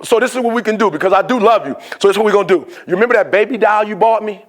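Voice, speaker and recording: A man's voice: sits high, rapid-fire, pitched above the performer's own voice, natural voice. Man doing a pleading little girl. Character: pleading little girl clutching her pearls.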